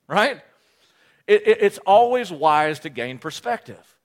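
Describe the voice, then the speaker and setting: A male pastor preaching a sermon, animated and joking at his own expense, often restarting his phrases. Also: high voice. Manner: animated, joking, self-deprecating, with quick restarts.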